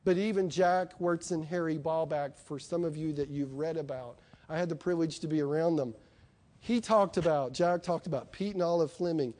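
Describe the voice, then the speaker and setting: A man's voice: a little high, normal speed, a little mellow. A middle-aged man preaching a sermon in an emphatic, conversational way, asking his listeners questions.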